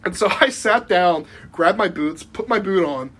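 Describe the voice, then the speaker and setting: A man's voice: high-pitched, lively intonation, normal speed, fairly bright tone, a little hiss or hum. A young man telling a rambling story in casual podcast chat, full of likes and restarts and laughing as he goes. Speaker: podcast guest.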